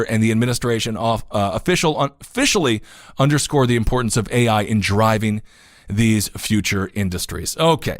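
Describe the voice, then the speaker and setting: A man's voice: mid-range voice, no echo, studio quality. A man co-hosting a casual political talk podcast, reading news aloud with jokey, rambling asides and getting worked up and emphatic. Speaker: podcast co-host. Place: home studio in New York City.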